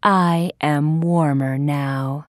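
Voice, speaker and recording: A woman voicing a kind male bird in a storybook reading, speaking calmly and softly. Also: deep voice, no echo, clean studio sound, pitched below the performer's own voice. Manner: calm, soft and slow.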